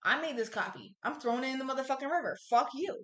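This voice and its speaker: A young woman with a high, bright voice tells a story on a podcast, blunt and full of swearing. She is recorded in an echoey room. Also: animated, racing. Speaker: podcast co-host. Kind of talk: casual storytelling chat.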